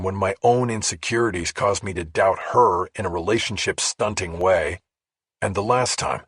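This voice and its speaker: Audiobook: deep, husky man reading first-person crime narration. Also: fairly bright tone, no echo, studio quality.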